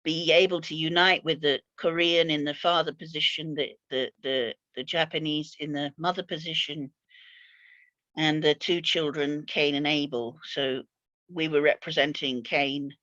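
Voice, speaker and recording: An older woman telling of her years abroad in an unhurried, reflective way, pausing often with fillers and repeating words as she gathers her thoughts. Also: sits low, fairly even intonation, fairly bright tone, dry recording, muffled recording. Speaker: interview guest recalling mission years.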